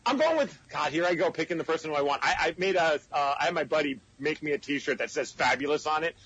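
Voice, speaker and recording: A man chatting casually as a co-host, excitable and rambling. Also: fairly high pitch, quick pace, slightly rough, no room sound, muffled recording. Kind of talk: casual chat.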